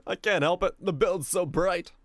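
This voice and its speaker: A young Finnish man who streams games chats casually with his viewers while playing, speaking in a language other than English. His voice sits high and moves at a moderate pace, laid-back, full of swearing and quick laughs. The recording is clean studio sound with no room echo.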